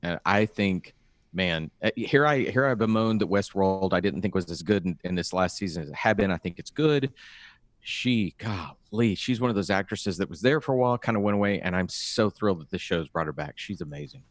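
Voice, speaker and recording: A man's voice: low voice, expressive, fairly quick, no echo. A man co-hosting an awards-prediction chat, talking eagerly and often repeating words as he starts a thought. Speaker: podcast co-host. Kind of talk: casual chat.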